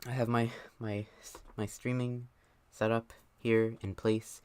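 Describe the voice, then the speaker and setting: A man's voice: medium pitch, flat delivery, slow pace, a little mellow, clean tone, no echo. Young man rambling on a live stream. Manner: rambling, self-mocking, many fillers. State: out of breath. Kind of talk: casual live stream chat.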